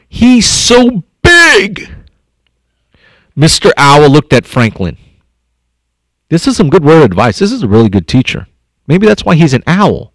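Slightly high-voiced and recorded with no echo, a man reads a picture book to young children at an elementary school as the district superintendent. He is animated, often pausing between passages to comment and think out loud.

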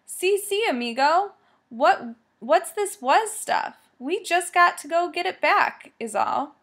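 A woman reading a storybook, voicing an easygoing, joking boy who talks in breezy slang and smooths things over. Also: high-pitched, big pitch swings, normal speed, a bit bright, full character voice.

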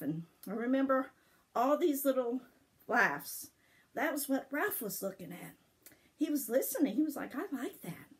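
An older woman with a breathy, husky voice speaks gently and affectionately to children she loves. She tells a story and a devotional, and her voice sits a little high. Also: poor audio. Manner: gentle, affectionate, sings softly. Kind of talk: bedtime-style story and devotional for grandchildren.

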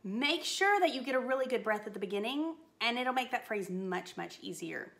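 A woman's voice: on the high side, lively intonation, moderate pace, gravelly, fairly bright tone, soft background music. A woman voice teacher giving a singing lesson, upbeat and encouraging as she coaches a phrase.

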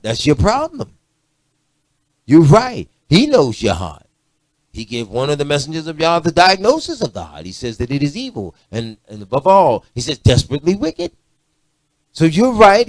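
A man preaching a sermon, animated and blunt, swinging from low murmurs to loud rebukes. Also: normal speed, pauses often, no echo. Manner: blunt, confrontational street-style preaching.

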